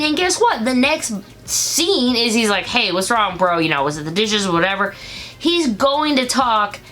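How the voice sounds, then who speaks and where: Woman reviewer, higher voice, bright and punchy, casual and jokey, does quick character voices. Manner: chatty, jokey, acts out lines in quick voices. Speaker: show reviewer. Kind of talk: casual episode recap.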